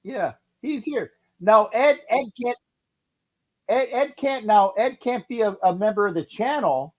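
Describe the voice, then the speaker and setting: A man hosts a casual fan live stream in a high-pitched voice. He rambles, swears freely and often repeats his words as he talks. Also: lively intonation, a little slow, lo-fi sound. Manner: profane, rambling, repeats himself.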